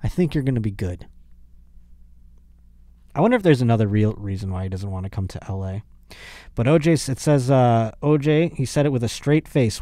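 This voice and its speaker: A male podcast host talking in a loose, joking monologue. He rambles, restarts and drops sarcastic asides. His voice sits at an ordinary pitch, recorded dry and close. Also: expressive, brisk, pauses often, dark tone, no room sound. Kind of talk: casual comedic monologue.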